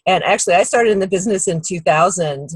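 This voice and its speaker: Husky woman telling a personal story. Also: lowish voice, fast talker, dry recording, low-quality recording. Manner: warm anecdotal storytelling, acts out quoted people. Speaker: guest speaker. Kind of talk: storytelling on a team call.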